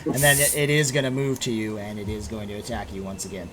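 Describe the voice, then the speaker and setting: A man's voice: on the low side, level tone, fast, heavy background noise. A man running a tabletop game, explaining rules with lots of fillers and restarts. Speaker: game master.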